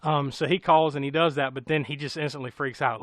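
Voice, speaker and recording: A man's voice: on the high side, fairly quick, hardly any pauses, fairly bright tone, no room sound. An American man casually recapping a horror film on a podcast, rambling and laughing, with a profane storytelling manner. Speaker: podcast co-host.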